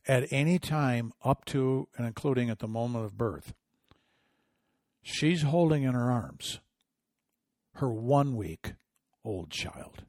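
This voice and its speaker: A middle-aged man giving opinionated political commentary, sarcastic and indignant, often rising into loud outrage. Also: mid-range voice, dry recording, studio quality. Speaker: commentary host.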